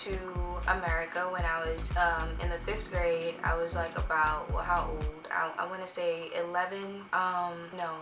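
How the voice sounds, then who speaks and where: A woman's voice: fairly low pitch, flat delivery, normal speed, hardly any pauses, distant mic. A young woman with a polished Jamaican accent chats her way through a makeup storytime, wandering between thoughts and correcting herself as she goes. She sits well back from the mic in an echoey room, and music plays under her voice. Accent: Jamaican, prep-school polished. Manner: chatty and rambling, with frequent fillers and self-corrections. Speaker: beauty vlogger. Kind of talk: get-ready-with-me storytime chat.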